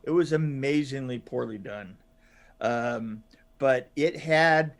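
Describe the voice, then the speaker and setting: A man co-hosting a podcast in casual chat, halting with many fillers and restarts and laughing often. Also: medium pitch. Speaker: podcast co-host.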